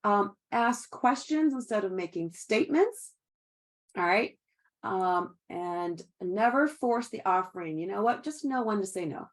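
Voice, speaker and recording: A woman's voice: medium pitch, lively intonation, measured pace. A middle-aged woman coaching direct sellers in an upbeat, chatty way, laughing often and acting out sample calls. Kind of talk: sales training talk.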